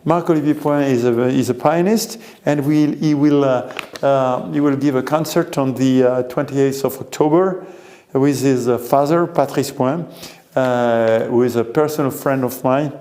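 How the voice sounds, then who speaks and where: A man with a French accent speaks at a formal welcoming ceremony. He halts often and fills the gaps with hesitations. His voice sits at an ordinary pitch for a man. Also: mellow. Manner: halting, many hesitations. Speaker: delegation committee member.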